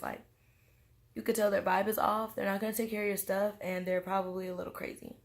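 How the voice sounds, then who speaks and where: A young woman tells a story to camera while tipsy. Her voice has a gravelly, fry-laden edge at a middle pitch. She acts out quotes in an animated, slangy way. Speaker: vlogger. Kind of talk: casual storytime monologue.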